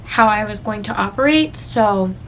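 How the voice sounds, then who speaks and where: A woman's voice: medium pitch, expressive, normal speed, a little hiss or hum. A woman vlogger talking candidly and emotionally to her viewers in a rambling, confessional chat full of fillers. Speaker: book vlogger.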